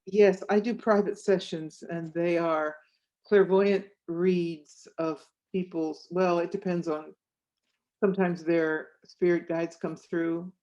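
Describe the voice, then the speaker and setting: A woman author and clairvoyant telling stories in an interview, animated and acting out the voices in her anecdotes. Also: fairly low pitch, slow pace, lo-fi sound. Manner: animated, acts out voices in anecdotes, laughs often. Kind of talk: storytelling interview chat.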